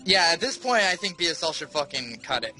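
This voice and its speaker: A man's voice: a little high, big pitch swings, a little fast, over music. A young man chatting casually over a game playthrough, rambling with restarts. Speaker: let's play commentator. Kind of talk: casual gaming commentary.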